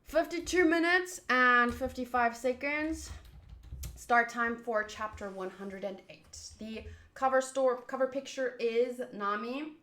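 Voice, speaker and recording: A woman's voice: fairly high pitch, a little slow, sharp tone. A woman hosting a manga readthrough, chatting and musing aloud as she reads. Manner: chatty, laughs and muses aloud. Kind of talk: casual reading and chat. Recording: roomy echo.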